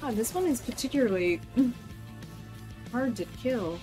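A woman's voice: on the high side, animated, measured pace, music in the background. A woman streaming a video game, chatting casually, laughing often and coaxing her cat. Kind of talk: casual live-stream chat.

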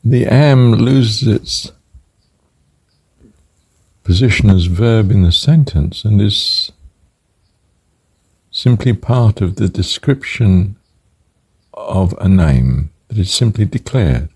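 A man giving a musing spiritual talk, slow and ponderous, turning phrases over and repeating them. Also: lowish voice, expressive, a little mellow, slightly rough. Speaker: speaker reflecting on a spiritual phrase.

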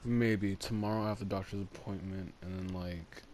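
Low-voiced laid-back young man. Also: fairly even intonation, normal speed, darkish tone, slight background noise. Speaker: friend in voice chat. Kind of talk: casual voice chat while gaming.

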